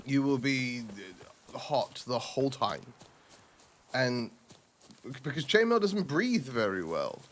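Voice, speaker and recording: Male streamer, casual game chat, rambling, self-mocking, lively pitch. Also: takes it slowly, long pauses.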